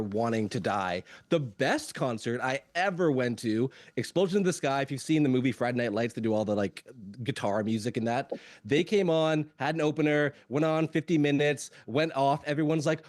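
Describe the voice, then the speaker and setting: A man's voice: on the high side, dry recording. A man on a podcast panel, telling stories in a wry, exasperated way. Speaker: panel guest. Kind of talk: casual storytelling chat.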